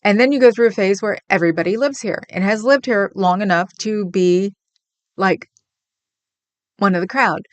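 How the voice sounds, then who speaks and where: A woman's voice: medium pitch, normal speed, no echo. Chatty woman from the Bay Area. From San Francisco Bay Area. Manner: chatty, laughs often, rambling. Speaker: livestream host. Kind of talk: casual chat reading viewer comments.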